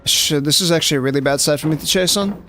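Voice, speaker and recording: Young man, raspy-edged and slightly high, loose chatty gaming commentary. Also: quick pace, sharp tone, faint music behind. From South Africa. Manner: casual, chatty, lots of "like" fillers, addresses chat. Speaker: streamer. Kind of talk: live gameplay commentary.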